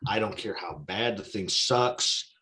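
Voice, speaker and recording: A man in casual chat, speaking haltingly with frequent restarts. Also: fairly low pitch, expressive, bright, forceful tone. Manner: halting, restarts often, agreeable.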